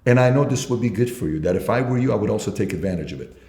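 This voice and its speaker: A low-pitched man tells business stories as an interview guest, slipping into the voices of the people in them. The room around him gives a roomy echo. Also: lively intonation, rapid-fire, darkish tone. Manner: acts out both sides of dialogues. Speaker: guest entrepreneur. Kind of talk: storytelling interview talk.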